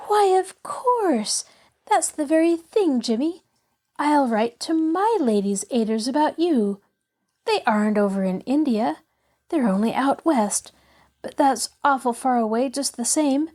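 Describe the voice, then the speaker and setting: A woman's voice: sits high, animated, measured pace, darkish tone, voice pushed up. A woman reading a storybook aloud, voicing an eager, cheerful little girl who chatters on.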